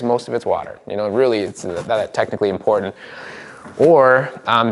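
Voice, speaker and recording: An NLP trainer leads a live seminar, speaking energetically and demonstratively to a roomful of people and slipping in quick asides. His voice is medium in pitch.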